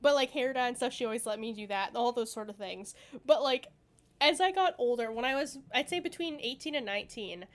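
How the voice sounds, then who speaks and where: A young woman with a high voice chats casually on a podcast. She talks bluntly and swears freely. She acts out the people in her stories as she tells them. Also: a little fast. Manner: blunt, profane and animated, acting out quoted voices. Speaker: podcast co-host. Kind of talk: casual chat.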